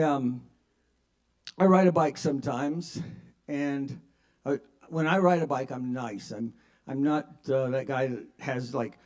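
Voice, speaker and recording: An older man doing a self-mocking stand-up set at an open mic, shifting between mumbled asides and loud punchlines. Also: mid-range voice. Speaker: stand-up comedian. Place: open mic at a kava bar.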